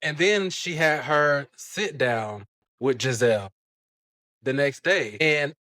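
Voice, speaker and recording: A man's voice: a little high, slow pace, pushed and bright. Laid-back man in casual recap chat. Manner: laid-back, many fillers, quotes the cast. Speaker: podcast co-host.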